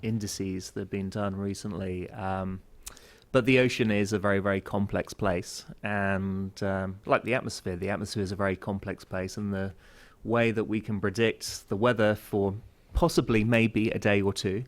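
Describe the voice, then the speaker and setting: Hesitant low-voiced male panelist. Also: level tone, normal speed. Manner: hesitant, many fillers and restarts. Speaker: university teacher. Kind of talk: panel discussion answer.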